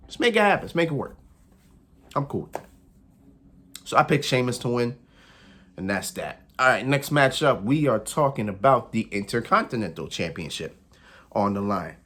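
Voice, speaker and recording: Male vlogger, casual prediction chat, loose, repetitive, quick to laugh. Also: mid-range voice, big pitch swings, fairly bright tone. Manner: chatty, repeats phrases, laughs often. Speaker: wrestling pundit.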